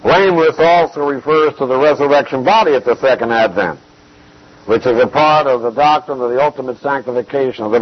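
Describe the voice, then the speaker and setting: A man giving an expository Bible teaching, measured and emphatic, repeating key phrases to drive points home. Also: mid-range voice, dull audio.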